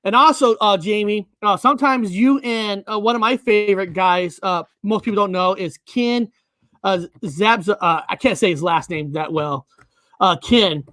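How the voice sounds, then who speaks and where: A podcast host whose voice sits high for a man, recorded close and dry. He talks in a halting, easygoing way, padding with uhs and correcting himself as he goes. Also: a bit bright, dry recording. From United States, Washington state. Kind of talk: casual interview chat.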